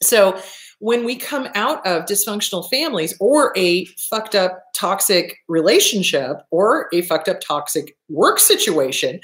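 Blunt, profane woman therapist. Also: lowish voice. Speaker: therapist, show host. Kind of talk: casual monologue advice. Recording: echoey room.

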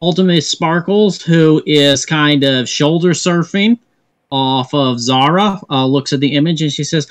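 A man narrating a tabletop game as game master, halting with frequent fillers. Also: fairly high pitch.

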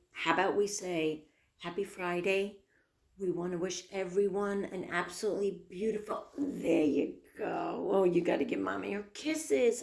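Slow, mellow-voiced woman baby-talking her dog. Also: mid-range voice, lively intonation, creaky. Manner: sing-song, coaxing questions to her pet. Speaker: pet vlogger. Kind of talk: doting baby talk to a dog.

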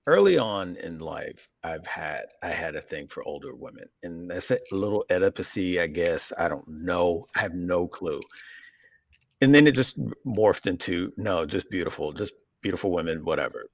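A man's voice: low voice, vocal fry, no room sound, dull audio. A man co-hosting a casual podcast chat, rambling and joking crudely, with frequent restarts. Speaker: podcast co-host.

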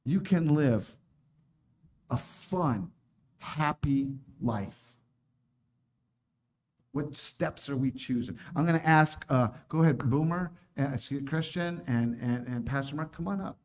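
A man's voice: fairly high pitch, animated, moderate pace. A man preaching a casual sermon, joking and laughing often as he talks.

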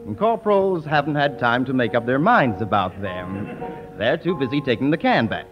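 Lively old-radio comedian, music behind. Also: male voice, mid-range voice, moderate pace. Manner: mock-solemn patter with comic timing. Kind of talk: archival radio stand-up routine.

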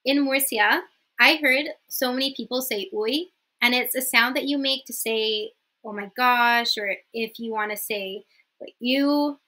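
A young woman with a bright, sharp-edged voice pitched a little high. She teaches in a relaxed vlog style and chats through her points. She keeps pausing to ask "okay?". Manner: chatty, often checks in with "okay?". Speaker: language teacher. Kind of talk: casual vlog lesson.

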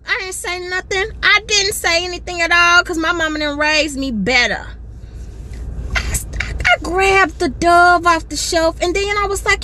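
A woman's voice: very high voice, animated, normal speed, very noisy. A woman in her thirties telling a dramatic, sassy story in a vlog from her parked car, recorded on a phone. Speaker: family vlogger. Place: parked car in a store lot.

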